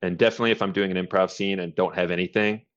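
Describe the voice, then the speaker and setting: Low-voiced laid-back man on a podcast. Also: steady tone, very fast, a bit bright, dull audio. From Boston area, USA. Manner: laid-back, swears casually, laughs often. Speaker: podcast guest, filmmaker. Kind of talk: casual chat.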